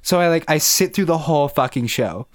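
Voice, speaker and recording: A man's voice: fairly high pitch, lively intonation, fairly quick. A young man co-hosting a podcast, telling a long story in casual chat, rambling, swearing and laughing as he goes. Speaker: podcast co-host.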